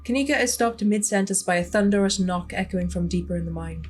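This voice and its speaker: A woman's voice: medium pitch, fairly quick, few pauses, a little mellow, faint music behind. A young woman gaming YouTuber chatting with her viewers and reading a story game's narration aloud. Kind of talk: let's play narration and chat.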